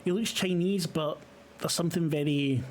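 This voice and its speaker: A man's voice: on the high side, darkish tone, slight background noise. Scottish man narrating a tabletop game. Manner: halting, full of fillers, swears. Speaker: game master.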